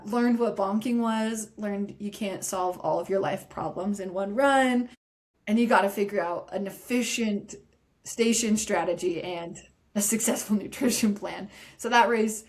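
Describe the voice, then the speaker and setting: A woman guest on a podcast, telling a story in a lively way and acting out the voices of people she quotes. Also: medium pitch. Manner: animated, acts out quoted voices. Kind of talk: casual storytelling interview.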